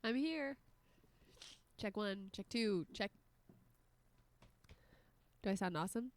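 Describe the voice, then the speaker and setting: A woman's voice: mid-range voice, lively intonation, takes it slowly. A congested woman in casual podcast chat, doing playful mic checks.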